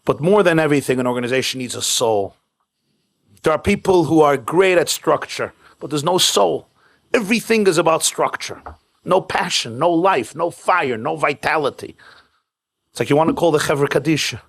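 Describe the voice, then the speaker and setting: A man's voice: on the high side, lively intonation, normal speed, vocal fry. A man, a rabbi, giving a keynote sermon at a home event, mixing jokes with storytelling in short, punchy repeated phrases. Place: private home event with live audience.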